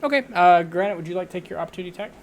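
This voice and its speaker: Brisk tabletop game master. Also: mid-range voice, animated, a little hiss or hum. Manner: brisk, directing players. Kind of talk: running a tabletop game live.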